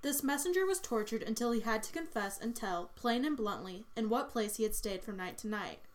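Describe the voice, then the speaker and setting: A woman narrating a medieval tale in an audiobook, telling the story in a measured, expressive way. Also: fairly high pitch.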